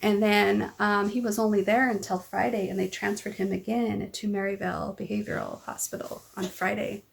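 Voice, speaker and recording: A woman's voice: mid-range voice, little pitch movement, normal speed, gravelly, few pauses, slight background noise. A mother talking in a casual personal vlog, telling a long rambling story and acting out what others said. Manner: rambling storytelling, acts out quoted dialogue. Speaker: vlogger.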